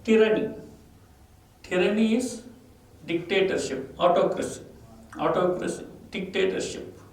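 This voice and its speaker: A man's voice: a little high, slow pace, recorded from a distance. A man with an Indian English accent, teaching a vocabulary lesson and repeating each word and its meaning with stress. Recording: echoey room, voice off-mic, faint ambient noise.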